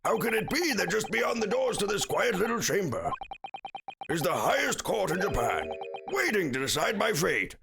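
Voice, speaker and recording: A man's voice: high voice, very animated, moderate pace, gravelly, background noise, pitched above the performer's own voice, exaggerated voice. Man putting on a frantic young defendant. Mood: anxious disbelief. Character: anxious young male defendant, excitable.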